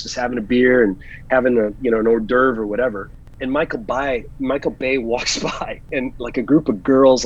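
A man tells a casual story and acts out every line of dialogue. His voice is husky, and the audio is somewhat dull and muffled. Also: medium pitch. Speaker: guest. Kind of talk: casual anecdote telling.

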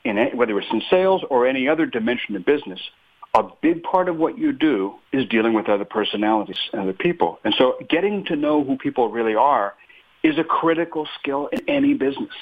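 A man's voice: medium pitch, quick pace. A male author talking thoughtfully about his writing as a guest in a radio interview, often stopping to correct himself. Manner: thoughtful, animated, self-correcting. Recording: phone-line guest audio.

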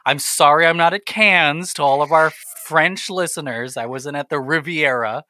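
A man's voice: on the high side, normal speed, sharp tone, no room sound. A man co-hosting a casual podcast, rambling through stories with frequent laughs and self-deprecating asides. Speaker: podcast co-host.

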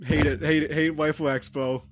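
A man co-hosting a casual chat, speaking fast and a little higher than most men. He is blunt and emphatic and keeps tripping over restarts. The sound is close and dry. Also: flat delivery, dry recording. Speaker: podcast co-host.

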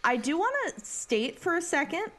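A woman's voice: extremely high pitch, very animated, moderate pace, a bit bright. A woman co-hosting a casual chat, explaining her view reflectively. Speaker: podcast co-host.

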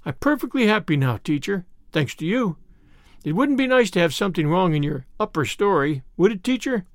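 A man's voice: sits high, sing-song, brisk, dry recording, studio quality. A man reading the part of an eager, earnest little boy with polite, old-fashioned speech.

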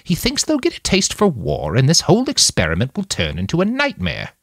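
A man's voice: fairly high pitch, huge pitch swings, fairly quick, vocal fry, a bit bright, no echo, studio quality, voice pushed up, exaggerated voice. Man voicing a tipsy, snappish woman. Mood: tipsy, sharp. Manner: snappish, slightly slurred. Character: sharp-tongued tipsy woman leader.

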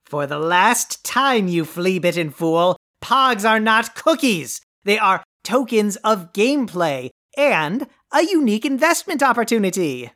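A woman's voice: mid-range voice, animated, normal speed, fairly bright tone, lightly acted. A woman playing a pompous, greedy, deposed male overlord in a comedy audio play, with a grandiose, haughty delivery. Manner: grandiose, haughty and theatrically dry.

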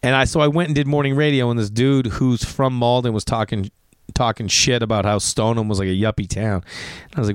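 A man's voice: mid-range voice, steady tone, a little fast, clear, resonant tone, no room sound, clean studio sound. A man with a Boston accent, a comedian and podcast host, telling rambling, profane stories full of fillers in a garage. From Massachusetts. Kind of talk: casual storytelling.

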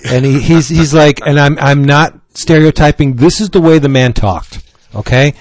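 A man co-hosting a casual podcast, telling a funny anecdote in an animated way and laughing often. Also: fairly high pitch, moderate pace, no echo. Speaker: podcast co-host. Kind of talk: casual storytelling chat.

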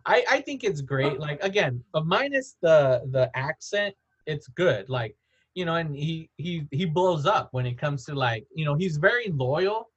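A man's voice: on the high side, lively intonation, measured pace, breathy edge, muffled recording. Rambling man in casual chat. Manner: rambling, full of "like" and restarts, laughs often.

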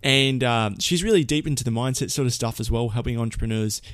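A man's voice: mid-range voice, fairly quick, no room sound. A man hosting a podcast, talking in a chatty, upbeat way with fillers and restarts. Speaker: podcast host. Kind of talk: casual podcast intro.

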